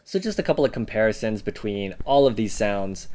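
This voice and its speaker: A man co-hosting a casual podcast lesson, offering example words in a relaxed way with many "uh" and "um" fillers. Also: fairly low pitch, a little fast. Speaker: co-host giving examples.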